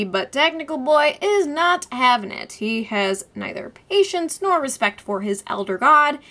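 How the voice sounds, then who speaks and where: Bright, fairly high woman's voice for an animated TV-review vlog; laughs a lot, wordy and vivid. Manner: animated, laughs often between points. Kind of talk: TV episode review.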